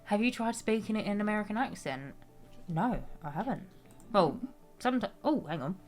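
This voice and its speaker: A woman's voice: medium pitch, animated, fairly quick, darkish tone, soft background music. A young British woman chatting casually on a game stream, reading chat aloud and answering with some swearing.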